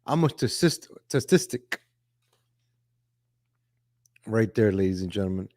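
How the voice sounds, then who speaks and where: A man hosting a casual political commentary livestream, talking in a chatty, repetitive way, greeting viewers from the chat and often saying "ladies and gentlemen". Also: fairly low pitch, expressive, measured pace, dry recording, clean studio sound. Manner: reads viewer chat names aloud. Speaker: livestream host.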